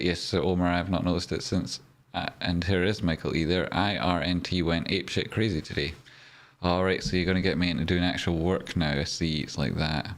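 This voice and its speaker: A Scottish man with a very low voice hosts a relaxed trading livestream. He banters and teases, reading comments aloud in an easygoing, joking way. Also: a little fast. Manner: chatty and joking, reads viewer comments aloud. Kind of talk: casual live-stream chat.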